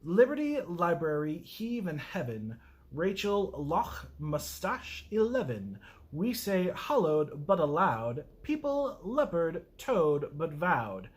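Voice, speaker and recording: Lively man reading aloud haltingly. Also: a little high. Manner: halting, self-mocking, stumbles over words. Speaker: video host. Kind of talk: casual reading of a poem aloud.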